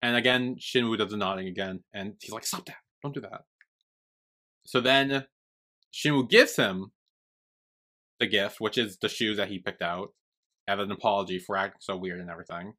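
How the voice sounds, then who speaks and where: A man's voice: fairly low pitch, steady tone, moderate pace, bright, forceful tone. A young man co-hosting a podcast, chatty and retelling scenes with frequent swearing. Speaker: podcast co-host. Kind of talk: casual chat.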